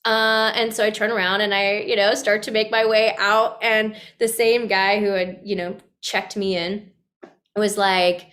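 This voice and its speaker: A woman guest on a podcast telling a personal story in a casual, animated way, with many fillers and restarts and acted-out quotes. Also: mid-range voice, measured pace.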